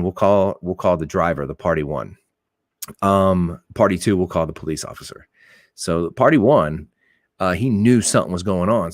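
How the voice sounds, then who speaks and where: A man's voice: deep voice, no echo, clean studio sound. A man, a police officer, giving his blunt, emphatic opinions on a podcast, swearing and repeating points for stress.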